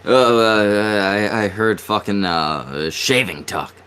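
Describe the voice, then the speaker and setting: A man's voice: fairly low pitch, expressive, takes it slowly, fairly bright tone, a little hiss or hum. A man in crude casual chat on a stream, stammering and swearing as he rambles.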